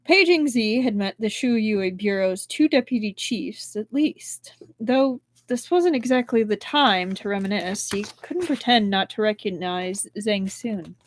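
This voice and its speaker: A woman reading a novel aloud on a live stream, expressive, with big changes in loudness. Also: mid-range voice, unhurried, hardly any pauses. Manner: expressive, with strong shifts in loudness. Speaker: book reader and livestream host.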